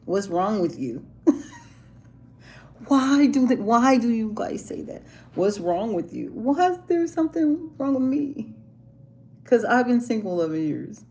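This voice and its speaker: The recording is rough, and the woman's voice is mid-range with a darkish tone. Hosting a relaxed live chat from a city hotel as a band plays below, she talks with viewers, laughs often, and imitates the people in her stories.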